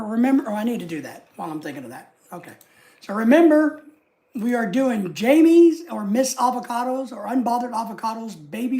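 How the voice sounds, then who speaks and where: A man's voice: very high-pitched, a little mellow. An American man hosting a livestream, chatting casually and reading out and greeting viewer comments from his home desk. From United States. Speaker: livestream host. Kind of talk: casual live chat.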